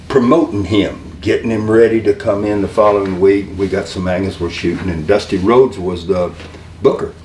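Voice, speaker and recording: An older Southern man, a former wrestling manager, spins folksy, animated career stories as an interview guest, acting out other people's lines. His voice sits on the low side, captured at a distance in an echoey room with faint hiss.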